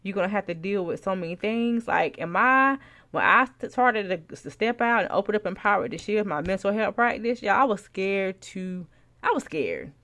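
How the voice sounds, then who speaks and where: A woman hosting a faith-based podcast, talking casually and preaching to listeners, calling them y'all, with animated exclamations. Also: medium pitch, normal speed. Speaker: podcast host and Christian life coach.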